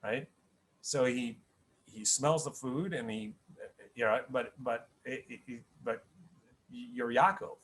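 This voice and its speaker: This is a middle-aged rabbi with a medium-pitched voice and a slow pace. His spoken lesson on the weekly Torah portion is conversational, full of restarted sentences and check-ins of "right?".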